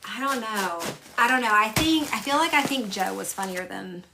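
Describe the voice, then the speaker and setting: Selling stickers and stationery on a casual livestream, a tired young woman rambles, laughs often and talks to her viewers by name. Her mid-range voice is animated and creaky at normal speed, and the background is noisy.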